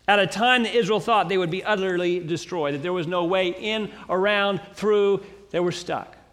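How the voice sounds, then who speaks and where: A man preaching a sermon, reading scripture aloud and building to dramatic, slowly emphasized declarations. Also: high voice, fairly bright tone, in a large hall. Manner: preaching with dramatic swells and slow emphatic pauses.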